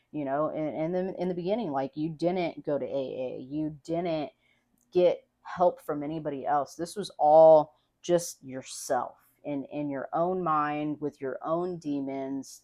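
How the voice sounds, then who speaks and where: A young woman with a notably low speaking voice talks frankly as a podcast guest. Her speech rambles in loose, casual sentences full of "like" and offhand swearing. The tone stays relaxed and conversational. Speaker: podcast guest, host's wife.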